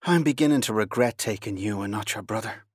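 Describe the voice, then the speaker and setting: A man playing a blunt, short-tempered sea captain with an Irish accent and a gruff manner. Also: on the low side, brisk, no room sound, clean studio sound. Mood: exasperated.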